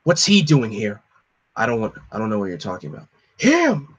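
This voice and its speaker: A man voicing a grieving young man who demands answers loudly and insistently in a comic-book reading. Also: fairly low pitch, huge pitch swings, normal speed, breathy edge, full character voice. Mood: angry, demanding. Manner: shouting, insistent.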